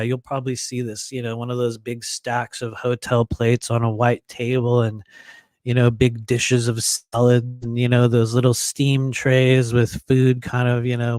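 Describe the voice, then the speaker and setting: A man telling a long personal story in a casual monologue, rambling and filling pauses with "you know" and frequent laughs. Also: mid-range voice, a little mellow, no room sound. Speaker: podcast host telling a story.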